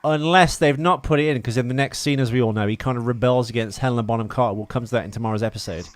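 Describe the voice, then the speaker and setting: A man's voice: mid-range voice, very fast, dry recording. A man co-hosting a podcast, chatting casually about films and talking in a rambling, hesitant way full of fillers and restarts. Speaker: podcast co-host. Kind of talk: casual film chat.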